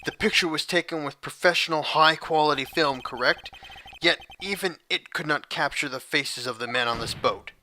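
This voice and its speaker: A man's voice: fairly high pitch, normal speed, sharp tone, slight background noise. A man playing an earnest young defense lawyer. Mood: assertive. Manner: assertive, declaiming.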